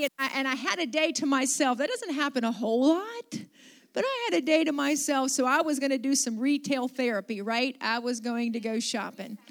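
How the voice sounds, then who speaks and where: A middle-aged woman pastor telling a story in a conversational sermon, with restarts and asides. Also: high-pitched.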